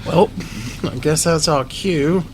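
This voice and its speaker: A man's voice: fairly high pitch, slow pace, heavy background noise. A man chatting as a player in a tabletop game, teasing and wry. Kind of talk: casual game chat.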